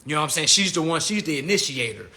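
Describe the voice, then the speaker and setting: Racing through a casual rant, a livestream host talks in animated slang. He lurches from muttering low to shouting and keeps laughing at his own jokes.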